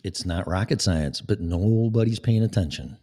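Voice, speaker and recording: Low-voiced man ranting, profane. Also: moderate pace, dark tone. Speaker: vlogger. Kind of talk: political rant. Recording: long echoing reverb.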